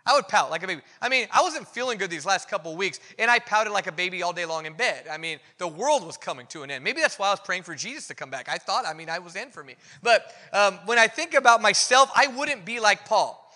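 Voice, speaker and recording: A man preaching a conversational sermon, candid and self-deprecating, telling it in an animated way. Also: sits high, fast talker. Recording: long reverb of a hall.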